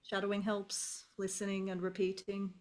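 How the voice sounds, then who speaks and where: A middle-aged woman with an Australian accent talks in a relaxed, musing way over a video call. Her voice sits at an ordinary middle pitch. She circles back and restarts as she works through her thoughts. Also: normal speed, a crowd in the background. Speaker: English teacher guest. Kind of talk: casual video call conversation.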